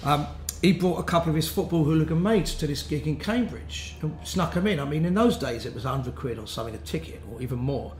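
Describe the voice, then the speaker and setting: Fast and expressive with few pauses, a slightly high male voice spins casual anecdotes as an interview guest. He's a musician from London who laughs a lot and keeps restarting, captured in a roomy space with faint background noise.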